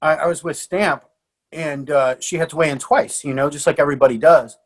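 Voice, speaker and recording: Male podcast guest, a fight coach, animated storyteller, slightly high voice. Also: fairly quick. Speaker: guest, martial arts coach. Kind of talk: casual podcast conversation.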